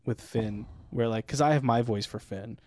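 A man's voice: mid-range voice, normal speed, darkish tone, no room sound, studio quality. A man co-hosting a podcast, telling stories in casual chat with lots of laughter and swearing. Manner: laughing, swearing, slangy storyteller. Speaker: podcast co-host.

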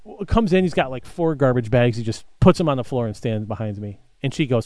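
A man telling a story in casual chat, animated and profane, acting out the people he quotes and laughing often. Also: mid-range voice, fairly quick, no room sound. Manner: animated, swears freely, acts out quotes, laughs a lot. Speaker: podcast co-host telling a story.

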